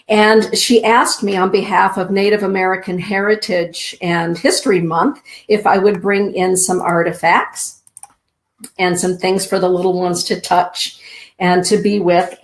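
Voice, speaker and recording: A middle-aged woman hosting a spiritual live show, greeting viewers by name and then telling a story gently. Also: medium pitch. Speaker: host and spiritual teacher.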